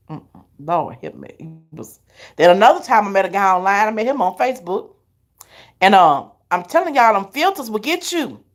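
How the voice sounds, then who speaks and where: Middle-aged woman, live-stream host, chatty and animated, fairly high voice. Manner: animated, chatty, laughs often. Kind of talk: casual storytelling to viewers.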